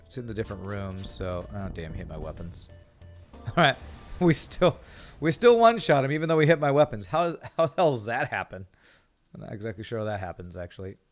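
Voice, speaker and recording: A California man streams a game, his fairly low voice lively and a little fast, with faint music in the background. Chatting with viewers, he rambles and often repeats words while thinking, sounding tired after a busy season.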